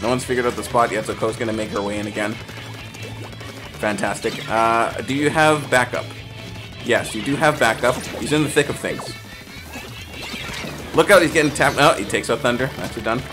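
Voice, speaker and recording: A man casually hosting a game stream, reading chat aloud, trailing off and restarting, with bursts of excited play-by-play. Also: mid-range voice, normal speed, pauses often, over music. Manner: excited play-by-play shouting during action. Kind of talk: casual live-stream commentary.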